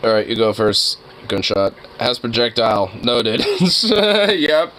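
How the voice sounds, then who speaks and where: A man's voice: mid-range voice, very animated, slow, a bit bright, a little hiss or hum, poor audio. A young man casually reacting to a video while gaming, laughing and swearing in disbelief. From suburban Toronto, Canada. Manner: laughing, incredulous, profane. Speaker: streamer.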